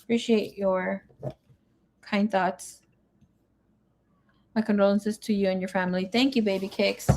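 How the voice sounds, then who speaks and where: A woman's voice: medium pitch, steady tone, unhurried, pauses often, darkish tone, slight background noise. A woman tarot reader chatting casually on a live stream. She reads viewer comments aloud and drops Spanish words into her English. She sounds emotional and grieving.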